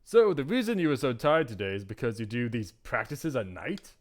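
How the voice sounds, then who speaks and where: An earnest young princess, as a man puts her on with a raised voice. Her lines stay curious and sincere, with a lively rise and fall. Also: mid-range voice, brisk, natural voice. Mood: questioning.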